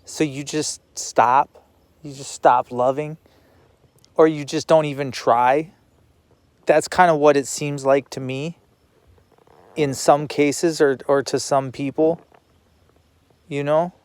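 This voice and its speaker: Man, personal vlog monologue, slow and rambling, slightly high, dry close sound. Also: fairly even intonation, smooth, no room sound. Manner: rambling, repeats himself, swears.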